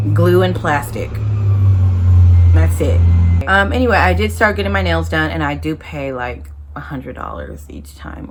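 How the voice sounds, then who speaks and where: Low-voiced young woman chatting casually. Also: slight background noise. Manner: chatty and rambling, with many asides. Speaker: vlogger. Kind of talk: casual chat to camera.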